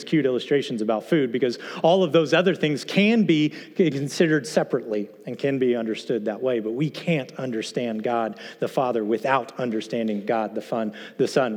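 A man's voice: medium pitch, darkish tone. Man preaching in a reverberant hall. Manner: conversational, asks the congregation, slows for emphasis. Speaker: pastor. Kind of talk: sermon.

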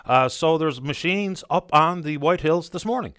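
A man hosting a call-in radio show from Newfoundland, explaining things in a measured way. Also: on the high side, fairly bright tone, clean tone, no room sound, clean studio sound.

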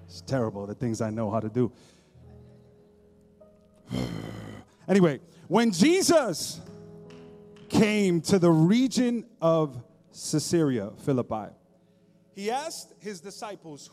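A man preaching a sermon as pastor, conversational and joking, at times dropping to a soft, intimate tone. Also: on the high side, wildly swooping pitch, slow, pauses often. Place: church stage. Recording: long hall reverb, faint music behind.

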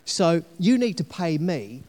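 Cockney scam agent a man doing the voice, wheedling, smooth, big echoey room. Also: on the high side, sing-song, measured pace, darkish tone. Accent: Cockney put-on. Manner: wheedling salesman patter. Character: pushy male Cockney scam photo agent. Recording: long hall reverb.

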